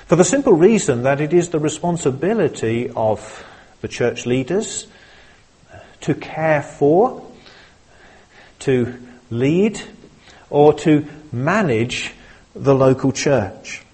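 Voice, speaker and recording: Slow, husky-voiced male preacher. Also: fairly high pitch, animated, darkish tone. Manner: measured, earnest preaching with small restarts. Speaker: pastor. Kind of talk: sermon.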